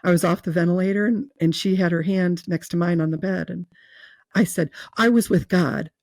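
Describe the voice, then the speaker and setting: Earnest woman with vocal fry, dry sound. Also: lowish voice, flat delivery, brisk, a little mellow, no room sound. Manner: earnest, emotional, with fillers and restarts. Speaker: guest telling her near-death experience. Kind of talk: personal storytelling in an interview.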